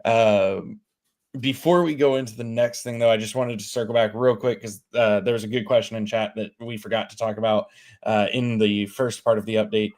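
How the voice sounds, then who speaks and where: A man's voice: fairly low pitch, fairly even intonation, a little fast, a little mellow. A man co-hosting a game livestream Q&A, talking in a casual, friendly way and saying "y'all". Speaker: livestream co-host.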